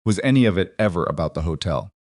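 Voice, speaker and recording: A man reading the lines of a weary, guarded grown woman who works as a hotel maid, spoken quietly and without much change from his narrating voice. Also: deep voice, animated, fast, dry recording.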